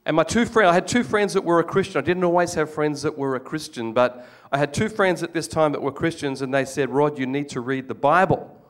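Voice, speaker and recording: A man's voice: fairly high pitch, a little fast, few pauses. Earnest man telling his testimony. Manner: earnest storytelling with frequent restarts and repeated words. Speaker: guest speaker giving testimony. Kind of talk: testimony sermon to a congregation.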